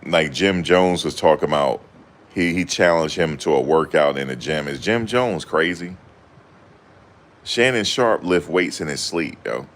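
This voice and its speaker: A man's voice: very deep voice, fairly bright tone. A young man chatting casually to camera in loose, slangy banter, often laughing. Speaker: vlogger.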